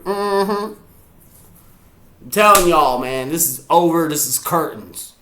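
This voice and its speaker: A man's voice: a little high, slow, fairly bright tone, echoey room. A man reacting live to a football game, boastful and rambling. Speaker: sports fan vlogger.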